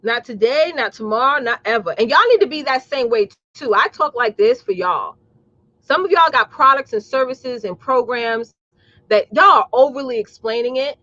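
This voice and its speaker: A woman's voice: a little high, animated, normal speed, pushed and bright, dry recording, lo-fi sound. A woman business coach hosting a live talk, blunt and sassy, calling her audience y'all and preaching about mindset. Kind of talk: live streamed motivational talk.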